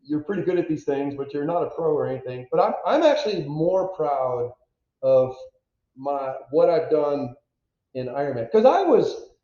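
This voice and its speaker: A man in his fifties from the United States, a former pro football player telling stories as an interview guest, animated and self-deprecating, acting out quotes. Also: fairly high pitch, normal speed. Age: 50s. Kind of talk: candid storytelling interview. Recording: echoey, dull lo-fi audio.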